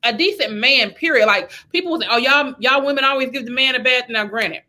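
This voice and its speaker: Woman, podcast host; bright, high voice; teasing casual chat. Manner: teasing, quick reactions, calls people baby.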